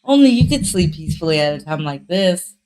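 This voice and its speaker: A woman's voice: sits low, expressive, a little fast, darkish tone. Woman voicing a cheerful teasing young woman. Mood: friendly teasing. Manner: friendly, chiding, lightly teasing.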